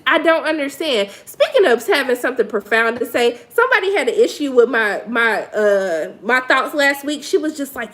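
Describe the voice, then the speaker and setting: A woman's voice: high voice, a bit bright. A woman giving sassy, blunt, casual live commentary on a reality show, talking straight to her viewers with features.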